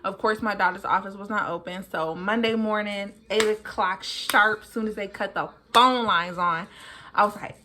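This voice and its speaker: A young woman vlogger telling a personal story casually, jumping high in pitch to act out what people said. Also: moderate pace. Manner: animated, jumps high in pitch when acting out what people said.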